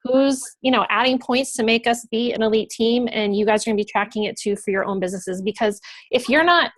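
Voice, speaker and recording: A woman with a fairly high voice speaks as a team leader, earnest and emotional, close to tears with passion. She talks warmly to her group on a call. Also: no echo. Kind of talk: heartfelt thanks on a team call.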